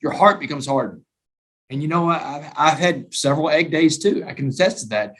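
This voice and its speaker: An animated man tells his story as a talk-show guest. His voice sits fairly high, and he keeps pressing his points with emphatic restarts. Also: a little fast. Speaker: guest author and speaker.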